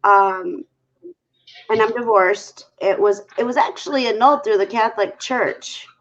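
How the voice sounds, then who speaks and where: A woman panel guest telling stories in a casual chat, animated and full of fillers. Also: mid-range voice, measured pace, highs cut off. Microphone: video call.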